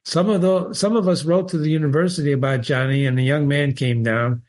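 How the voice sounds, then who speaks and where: A man reading the part of a calm, sympathetic farmer in a short story, speaking in a matter-of-fact, confiding way. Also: on the high side, brisk, natural voice. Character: calm, sympathetic male small-town farmer.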